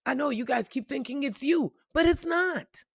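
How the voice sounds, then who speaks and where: A woman giving an unscripted motivational talk and telling a story straight to her viewers, blunt and profane, swinging between quiet asides and loud emphasis. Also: high voice, animated, moderate pace, no echo, studio quality. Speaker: spiritual reader and motivational speaker.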